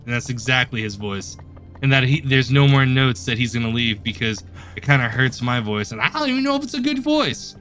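Lively, bright-voiced male gamer narrating his play, faint game music behind. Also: medium pitch, brisk. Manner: chatty, joking, talks to himself. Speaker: let's play host. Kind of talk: gameplay commentary.

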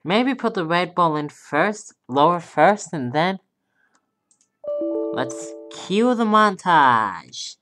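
A woman giving casual commentary over her own gameplay, swinging from quiet hoping to gleeful cheering and calling her viewers dudes. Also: on the low side, lively intonation, slow, faint music behind. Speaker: gameplay video creator.

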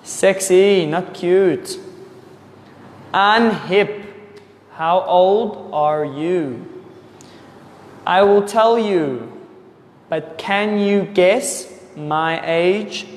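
A man from Africa, an English teacher answering viewer questions for learners, slowly repeating and correcting words. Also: high-pitched. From South Africa. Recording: echoey room with long reverb.

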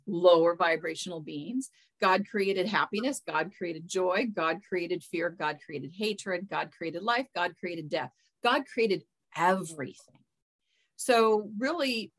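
A woman's voice: mid-range voice, fairly bright tone, rough recording. Earnest woman musing on spirituality. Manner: earnest, repeats words while searching for phrasing. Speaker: spiritual mentor, guest. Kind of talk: casual interview talk.

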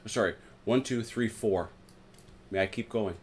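A man hosting a tabletop wargame session, chatting casually as he plays, counting dice aloud and breaking into excited exclamations. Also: on the low side, measured pace, slight background noise. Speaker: host, tabletop wargame player. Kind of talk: casual play-by-play while gaming. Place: home, at a game table.

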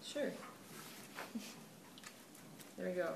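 A woman's voice: very slow, darkish tone. Chatty woman teaching clay in a roomy class. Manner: chatty, self-deprecating, laughs often. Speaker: art teacher. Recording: roomy, distant camera mic with background noise.

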